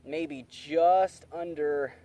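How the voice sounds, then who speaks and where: A young man filming a fishing vlog outdoors by a creek, talking straight to his viewers with excitable energy. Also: on the high side, drawn-out words. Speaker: wildlife vlogger.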